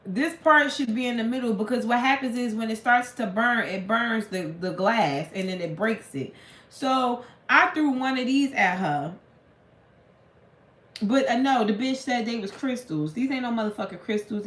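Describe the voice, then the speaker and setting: A woman's voice: on the high side, lively intonation, unhurried, a bit bright. A woman tarot reader in casual late-night live chat, telling stories in a blunt, profane way. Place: room at home at night. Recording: echoey room with faint hum.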